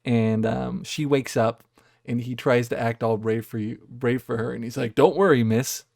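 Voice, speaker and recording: A man's voice: mid-range voice, level tone, normal speed, gravelly, darkish tone, no echo, studio quality. A man co-hosting a podcast, casually retelling scenes from a video game with quoted lines. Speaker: podcast co-host. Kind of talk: casual chat.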